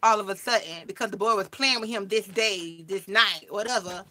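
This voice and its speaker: A woman vlogger telling a story in casual chat, animated and acting out the voices of the people she quotes. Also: medium pitch, moderate pace.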